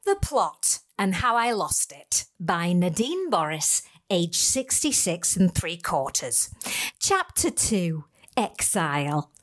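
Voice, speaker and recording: A woman's voice: fairly low pitch, sing-song, slow, full character voice. An actress voicing a pompous woman politician in her sixties who reads aloud from her own spoof novel, telling a grand fairy-tale story peppered with blunt, crude asides. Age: 60s. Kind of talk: comic reading of a spoof novel.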